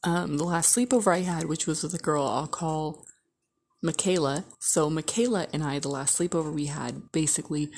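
Woman vlogger, a bit low-voiced, casual rambling storyteller. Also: moderate pace, a little mellow, a little hiss or hum. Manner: rambling, chatty, frequent "like" fillers.

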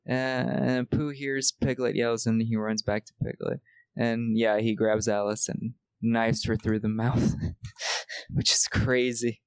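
A man's voice: medium pitch, little pitch movement, takes it slowly, vocal fry, smooth, no room sound. An American man co-hosting a podcast, recapping a movie in rambling casual chat, laughing often and swearing casually. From United States. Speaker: podcast co-host.

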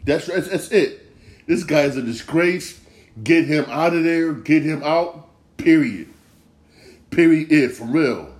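A man's voice: on the high side, expressive, slow. A man hosting a sports podcast, ranting heatedly with a lot of swearing and repetition.

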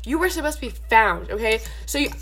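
A woman's voice: a little high, lively intonation, fairly quick, fairly bright tone, slight background noise. A young woman hosting a podcast, giving casual faith and dating advice in a chatty, preachy, rambling way, often checking in with "okay?". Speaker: podcast host.

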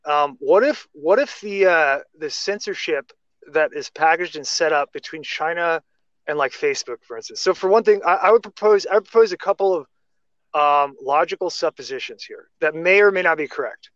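A man's voice: on the high side, moderate pace, a bit bright, dry recording. A man talking casually in a podcast chat, rambling through restarts and tangents. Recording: dry, muffled lo-fi sound.

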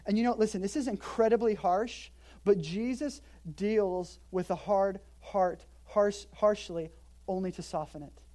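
A woman preaching in a church, her voice mellow and warm. She keeps a casual, conversational tone, drops joking asides, and leans in hard when she stresses a point. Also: mid-range voice, a little slow. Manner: emphatic, lively delivery. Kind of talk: expository sermon. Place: church in Hawaii.

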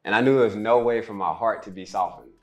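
A young man in casual family conversation, telling a story with animated quotes of what others said. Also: on the low side, fast, lo-fi sound, soft background music. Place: small room. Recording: roomy echo.

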